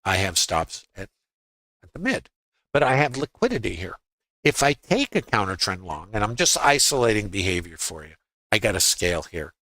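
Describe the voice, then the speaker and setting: A man's voice: lowish voice, sing-song, pushed and bright, dry recording. A man teaching a trading lesson over his charts, firing rhetorical questions in short clipped phrases. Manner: rhetorical, quizzing the listener with quick questions. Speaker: trading educator. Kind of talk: screen-share trading lesson.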